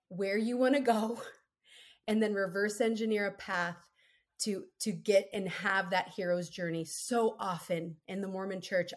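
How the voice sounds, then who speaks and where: An earnest woman in her thirties talks through her story as a podcast guest. She keeps it casual and upbeat, checking in with "right?" as she goes, and her voice sits at an ordinary middle pitch. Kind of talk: casual interview chat.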